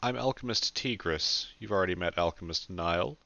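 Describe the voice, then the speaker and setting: A man voicing a tense, formal male alchemist leader in an audiobook, forcing a calm manner. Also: low-pitched, brisk, vocal fry, no room sound, lo-fi sound, heavily acted. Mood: forced calm.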